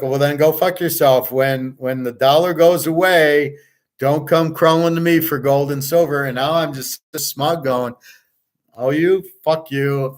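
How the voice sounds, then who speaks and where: A middle-aged man rants on his own live stream, blunt and foul-mouthed. His pitch sits in an ordinary middle range for a man, and he swings between quick outbursts and slower, drawn-out asides. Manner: profane, blunt, ranting. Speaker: sports handicapper and show host. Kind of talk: casual live-stream rant.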